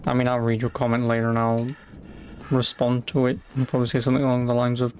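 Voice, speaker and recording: British streamer lad, sarcastic banter with chat, swears a lot, faint game noise behind. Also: male voice, mid-range voice, completely flat delivery, quick pace, a little mellow. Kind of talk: casual live-stream chat while playing.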